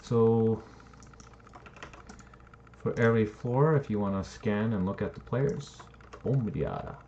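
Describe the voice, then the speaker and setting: Deep-voiced man rambling while building. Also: slow pace, warm tone. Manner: rambling, thinking aloud, swears casually. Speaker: game map builder. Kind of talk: casual screen-recording commentary. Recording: dull lo-fi mic with faint noise and typing.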